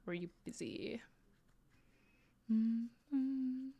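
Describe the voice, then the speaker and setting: A woman streamer chatting casually with her viewers while crocheting, playful and quick to laugh. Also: on the high side, warm tone, breathy edge. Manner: playful, laughs often, reads chat aloud.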